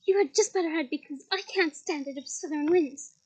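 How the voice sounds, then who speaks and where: A woman voicing a studious teenage schoolgirl witch who turns high and fretful when upset. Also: brisk, darkish tone, lightly acted. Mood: firm. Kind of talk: audiobook character reading.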